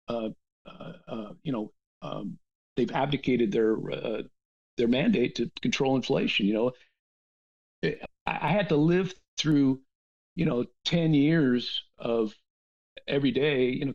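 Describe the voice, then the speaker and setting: A man talking in a casual, animated rant, with lots of restarts and asides. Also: mid-range voice, husky. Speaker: podcast guest. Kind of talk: casual ranting conversation. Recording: dull lo-fi sound.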